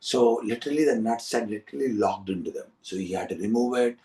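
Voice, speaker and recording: A man, hosting a storytelling session for young listeners in an animated, repetitive, coaxing way. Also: fairly low pitch, fast, distant mic, poor audio. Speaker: storyteller and host.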